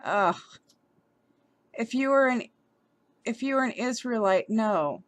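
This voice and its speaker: Slow-talking heated woman vlogger. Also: a little high, expressive, no echo. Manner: heated, stumbling over words. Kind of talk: indignant commentary reading an article aloud.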